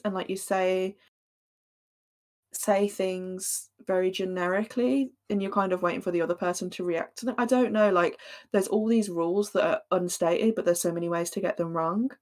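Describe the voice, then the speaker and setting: A woman co-hosting a casual podcast chat, talking in a hesitant, thoughtful way with many pauses and fillers. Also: fairly low pitch, a little mellow. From Britain. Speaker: podcast co-host.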